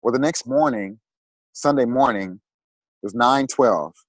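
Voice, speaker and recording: Halting man telling a personal story. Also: medium pitch, slightly rough, no echo, low-quality recording. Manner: halting, repeats words when moved. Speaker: guest.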